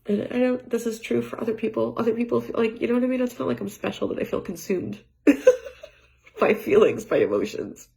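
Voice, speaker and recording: A woman talking through her feelings in a rambling personal monologue at home, often dropping to a near-whisper, with halting restarts and light laughs. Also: a little high, lively intonation, gravelly. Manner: soft-spoken, often trailing into near-whispers. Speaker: vlogger. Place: home with cats.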